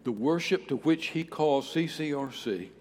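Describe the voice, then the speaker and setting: A man's voice: animated, normal speed, darkish tone, slight background noise. Man preaching with emphatic swings. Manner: emphatic, with swings in volume and pitch. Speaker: pastor. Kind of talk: sermon. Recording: long reverb of a large hall.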